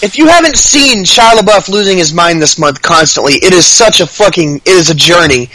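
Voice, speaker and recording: A man's voice: sits high, expressive, fairly quick, sharp tone, dry recording, rough recording. A man co-hosting a podcast, telling stories in a rambling, laughing way with plenty of swearing. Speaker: podcast co-host. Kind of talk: casual podcast chat.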